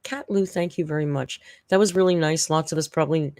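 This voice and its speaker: A woman's voice: sits low, a little fast, a little mellow, dry recording, clean studio sound. A middle-aged woman chatting casually and emotionally on a live stream, rambling and laughing often. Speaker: streamer host.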